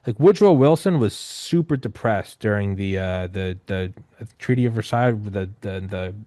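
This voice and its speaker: Low-voiced rambling male podcast host. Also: normal speed, no room sound. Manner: rambling, animated, swears casually, many restarts. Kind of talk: casual conversational storytelling.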